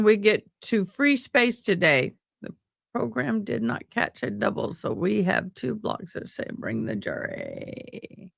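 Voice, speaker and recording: A woman's voice: deep voice, gravelly, a bit bright, no room sound, clean studio sound. A woman hosting a live stream, chatting casually with viewers and joking between court proceedings. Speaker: livestream host commenting on a trial.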